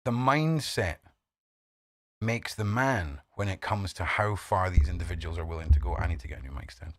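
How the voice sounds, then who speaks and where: At normal speed and in a low register, he runs a casual livestream, swearing freely and calling out chat members by name. The recording is dry and clean, with faint background music.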